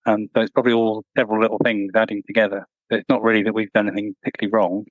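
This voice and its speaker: A man answering interview questions in a measured, thoughtful way, with frequent restarts. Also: fairly low pitch, flat delivery, no room sound, narrow, tinny audio. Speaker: guest, former truck company employee.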